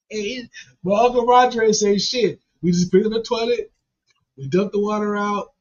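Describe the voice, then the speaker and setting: A man's voice: high voice, steady tone, unhurried, pauses often. A man casually telling a profane, funny story and laughing along as he goes. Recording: dull lo-fi recording.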